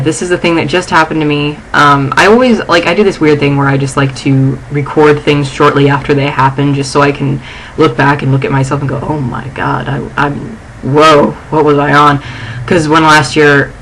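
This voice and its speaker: A young woman vlogging from her dorm room. She is shaken and angry, and her speech is halting and full of restarts. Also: low-pitched, a bit bright, slight background noise, rough recording. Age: young adult. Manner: agitated, halting, restarting sentences. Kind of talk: casual vlog.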